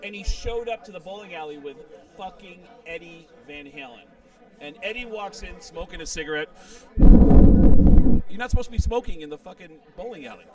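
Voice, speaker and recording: A middle-aged man, a comedian, tells a rowdy story as an interview guest. He swears freely and acts out the people in it, with a fairly high voice set a little back from the mic. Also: normal speed, recorded from a distance, a crowd in the background. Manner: animated, profane, quotes people in their voices.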